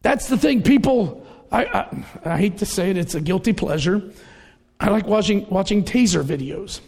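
A middle-aged man preaches a conversational sermon in a reverberant hall, telling everyday stories and acting out the voices of the people in them. His high voice is expressive, darkish and husky with vocal fry, at a moderate pace.

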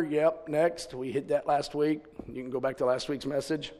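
A man's voice: steady tone, moderate pace. Folksy preacher man in a reverberant hall. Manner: folksy storytelling, swings from loud exclamations to low asides. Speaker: pastor. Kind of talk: sermon. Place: church service. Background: congregation.

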